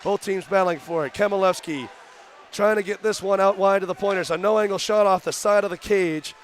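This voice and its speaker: A young man doing radio play-by-play for a college hockey game, rattling off rapid calls that rise into shouts on shots. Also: high voice, steady tone, slight background noise. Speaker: play-by-play announcer. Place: arena broadcast booth.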